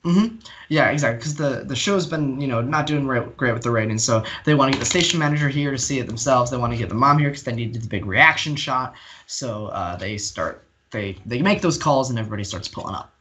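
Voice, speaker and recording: A man in a relaxed podcast chat tells an episode plot step by step, filling pauses with plenty of ums and uhs. His voice sits at an ordinary middle pitch. He is also a magician. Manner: steady storytelling with many fillers. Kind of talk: casual recap chat.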